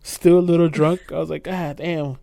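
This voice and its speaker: A man's voice: fairly high pitch, flat delivery, moderate pace, gravelly, mellow. A young man co-hosting a podcast, telling a drunk story in casual chat, swearing often and acting out the quotes with bursts of laughter. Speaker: podcast co-host.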